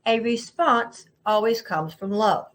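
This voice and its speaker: A woman's voice: on the high side, takes it slowly. A woman speaking earnestly and emphatically to camera from a seated indoor setup, repeating her key phrases. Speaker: spiritual speaker. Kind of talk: inspirational talk to camera. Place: indoors, seated in a lit room. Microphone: microphone at a camera setup.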